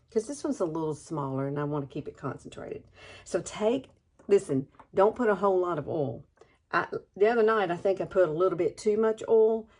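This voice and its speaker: Gravelly, gushing woman in her sixties. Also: medium pitch, a little mellow. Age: 60s. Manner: chatty, enthusiastic, gushing. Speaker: beauty vlogger. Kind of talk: casual makeup tutorial.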